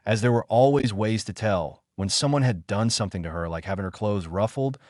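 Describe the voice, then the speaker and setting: Man narrating a fan audiobook, low and dry. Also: fairly quick, darkish tone, dry recording.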